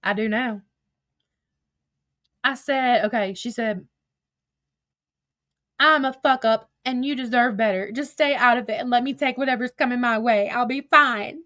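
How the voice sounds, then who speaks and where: A woman's voice: fairly high pitch, unhurried, long pauses, bright, forceful tone, no echo, studio quality. A woman telling a story in a casual way, reading out old text messages with blunt, profane asides. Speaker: commentator recounting drama.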